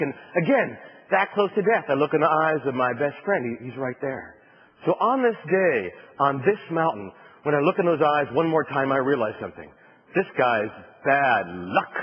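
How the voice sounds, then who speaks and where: A man from New Jersey giving a motivational keynote, telling a comic adventure story with punchlines and acted-out shouts. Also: fairly high pitch, in a large hall, highs cut off, a little hiss or hum. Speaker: motivational speaker.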